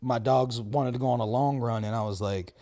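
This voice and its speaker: A man's voice: medium pitch, steady tone, brisk, warm tone, no room sound, studio quality. A young man telling a rambling story in a casual podcast chat, laughing often. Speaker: podcast co-host.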